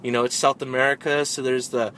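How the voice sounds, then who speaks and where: A man in casual chat, retelling a movie with lots of swearing and animated energy. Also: mid-range voice, quick pace, slight background noise.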